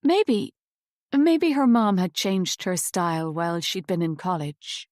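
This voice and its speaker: A woman reading a novel aloud as an audiobook narrator, in a measured, even storytelling manner on a close studio mic. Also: lowish voice, dry recording.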